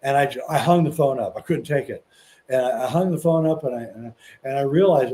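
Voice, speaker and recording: A man's voice: medium pitch, a little fast, dark tone. A man guest on a podcast, telling a personal story earnestly and stumbling over restarts. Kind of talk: casual storytelling.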